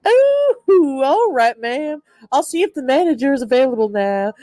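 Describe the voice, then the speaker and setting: A nervous drive-through worker in a cartoon parody stammers out over-polite replies, played by a woman. The voice is high and dry, with careful, hesitant pauses. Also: very animated, mellow, no room sound. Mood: apologetic. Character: flustered polite fast-food employee.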